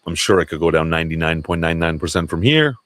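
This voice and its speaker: A man's voice: low-pitched, animated, quick pace, a bit bright, no echo. A man hosting a casual livestream chat, talking loosely with swearing and restarts. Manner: loose, profane, self-interrupting. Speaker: livestream host.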